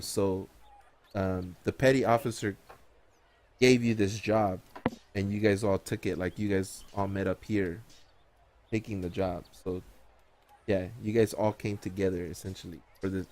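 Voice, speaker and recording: A man's voice: lowish voice, darkish tone. A man narrating a tabletop game as game master in a casual, meandering way.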